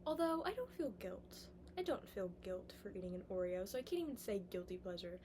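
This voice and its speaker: A young woman musing aloud in a casual, rambling vlog monologue, sometimes sliding into soft whispers. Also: mid-range voice, animated, brisk, slight background noise. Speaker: vlogger. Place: indoors, sitting on the floor.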